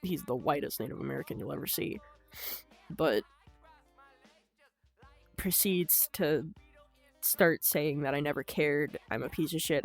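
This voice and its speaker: A young woman telling her own story in an unscripted vlog, halting and emotional, with frequent swearing. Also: sits low. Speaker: vlogger.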